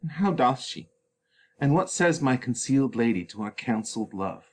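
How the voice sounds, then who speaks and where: A man's voice: mid-range voice, lively intonation, normal speed, pitched above the performer's own voice, lightly acted. A man voicing a despairing young man in a reading of a stage play, declaiming verse with anguish. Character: grief-stricken young male lover, despairing.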